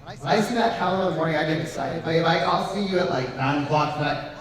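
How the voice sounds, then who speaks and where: A man giving an energetic sales seminar to a live room, firing questions at the crowd. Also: fairly high pitch, brisk. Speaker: sales trainer. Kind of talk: live seminar talk to an audience. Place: meeting room with an audience.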